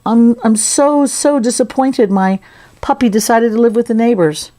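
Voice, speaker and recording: A woman voicing a small, excitable male clay creature in a chirpy, exaggerated way. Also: a little high, moderate pace, pitched above the performer's own voice, natural voice. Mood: sad.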